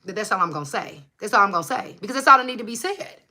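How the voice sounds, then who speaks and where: Her mid-range voice races, pushed and bright with lively intonation, as she hosts a motivational livestream pep talk from home under a hot light. Filmed on a phone, she swears freely, speaks with emphatic passion, and repeats lines for effect.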